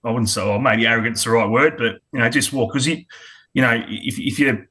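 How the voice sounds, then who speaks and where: A man's voice: medium pitch, fairly quick, sharp tone. A middle-aged Australian man, a former cricketer, talking bluntly and candidly in a casual interview, often restarting his sentences. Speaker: former cricketer and coach, guest.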